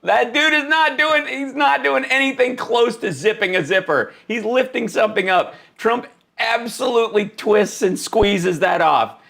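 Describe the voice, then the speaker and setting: A man's voice: very high voice, unhurried, creaky, fairly bright tone. A man hosting a live stream, giving comic political commentary in an exclaiming, mock-incredulous way. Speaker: livestream host.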